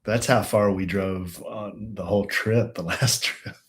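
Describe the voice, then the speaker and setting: A man's voice: fairly low pitch, fairly even intonation, unhurried. Easygoing older man. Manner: easygoing, coos at the dogs. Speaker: co-host. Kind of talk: casual chat on a live stream.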